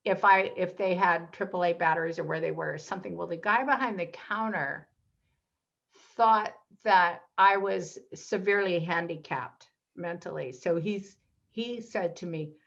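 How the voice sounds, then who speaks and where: A woman guest in a casual interview, telling personal stories in an animated way and acting out the voices of people she quotes. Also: lowish voice, moderate pace, creaky, highs cut off.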